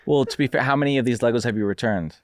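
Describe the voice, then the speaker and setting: A man co-hosting a comedy podcast, talking in a wry, halting way. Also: medium pitch, no echo, clean studio sound. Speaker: podcast co-host. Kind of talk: casual comedy podcast chat.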